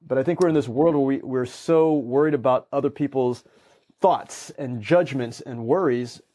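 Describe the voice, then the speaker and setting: A man's voice: medium pitch, normal speed. A man, a guest speaker, telling stories in casual conversation and acting out quoted lines with energy. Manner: animated, acts out quoted lines. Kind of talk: conversational storytelling.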